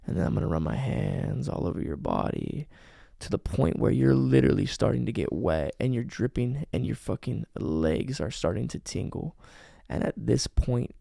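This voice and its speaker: A dominant lover murmurs in whispered role-play, voiced by a man. His voice drops low and breathy, slow and deliberate, with a gravelly rasp. The sound is close and dry, with no room around it. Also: dark tone, no echo, heavily acted.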